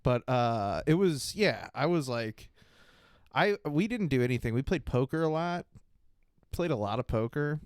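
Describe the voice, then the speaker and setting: A man hosting a podcast, talking in loose rambling chat that trails off and breaks into laughter. His voice is smooth and clean at a middling pitch. He is close on a dry mic with no room around him. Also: lively intonation, measured pace, no echo. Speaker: podcast host. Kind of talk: casual chat.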